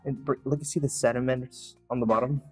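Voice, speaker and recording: A man's voice: medium pitch, fairly even intonation, fairly quick, slightly rough, faint music behind. A man hosting a casual cooking chat in a home kitchen, tipsy and playfully teasing his guest. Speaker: host.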